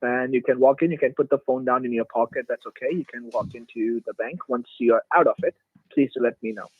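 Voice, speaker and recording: A man's voice: medium pitch, fairly quick, breathy edge, no room sound. A man on a phone call, coaxing and giving step-by-step instructions as a bank agent. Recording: dull phone line.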